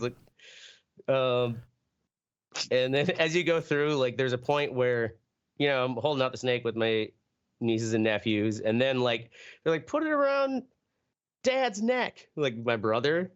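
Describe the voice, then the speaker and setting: A young man from Wisconsin tells a long, rambling story on a casual podcast, leaning on fillers and swearing. His voice sits at an ordinary mid pitch. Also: moderate pace, clear, resonant tone, highs cut off. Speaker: podcast co-host.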